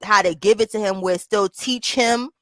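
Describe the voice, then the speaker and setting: A woman's voice: medium pitch, normal speed, a bit bright, dry recording. A woman talking in a loose, slangy casual chat, often checking in with her listener. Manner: slangy, keeps asking "you understand?".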